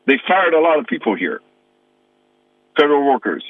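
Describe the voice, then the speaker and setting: A man's voice: fairly high pitch, sing-song, normal speed. A man in his sixties from American Samoa, calling in to a radio show as a pastor and veteran and complaining emphatically. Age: 60s. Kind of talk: phone-in call to a radio show. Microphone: telephone. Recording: tinny phone line, dry.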